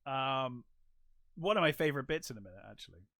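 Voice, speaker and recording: Bright-voiced man chatting about films. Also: mid-range voice, fairly quick, no echo, clean studio sound. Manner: animated, acts out his own reactions in quotes. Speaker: podcast co-host. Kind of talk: casual film discussion.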